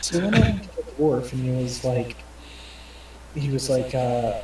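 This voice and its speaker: A man's voice: medium pitch, normal speed, a little mellow. Male player, profane storyteller, distant roomy mic with noisy background. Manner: profane, rambling, acts out quoted voices. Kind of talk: crude rambling storytelling.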